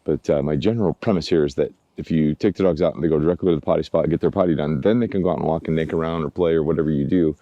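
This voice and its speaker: A man's voice: rumbling low, racing, hardly any pauses, no room sound, dull audio. A man who trains dogs, talking casually to a handheld camera outdoors while he walks his dogs and coaxes them with pet names. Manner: relaxed, chatty, coaxing dogs with pet names. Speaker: dog trainer. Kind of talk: casual vlog narration while walking dogs. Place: outdoors in a yard by woods.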